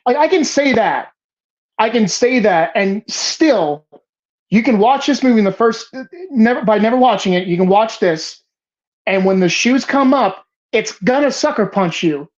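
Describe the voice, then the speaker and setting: A woman's voice: medium pitch, darkish tone. Woman podcast host, casual movie talk, profane and ranting, muffled lo-fi sound.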